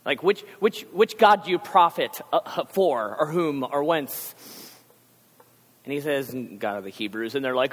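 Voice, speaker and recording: A man's voice: medium pitch, lively intonation, a bit bright. Male pastor, conversational sermon with acted-out asides; long hall reverb. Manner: conversational, acts out characters in quick asides.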